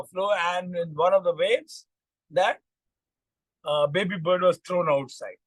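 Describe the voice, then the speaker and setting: A man's voice: high-pitched, no room sound, low-quality recording. A man with an Indian English accent, a life coach who tells a moral story with frequent fillers and restarts.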